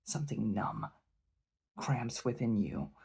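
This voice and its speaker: A booming, sneering barbarian king, as a man reads him aloud from a fantasy novel. He hammers each word with scorn, loud and emphatic, with a husky edge to his voice. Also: big pitch swings, slow pace, exaggerated voice. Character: proud, scornful barbarian warrior king, male. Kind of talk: dramatic reading of a novel.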